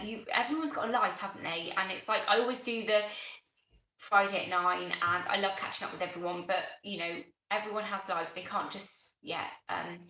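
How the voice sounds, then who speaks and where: A woman's voice: mid-range voice, pushed and bright, echoey room, rough recording. A woman with a Bristolian accent, hosting a casual gardening live stream, chatting on and thanking viewers by name. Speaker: gardening channel host.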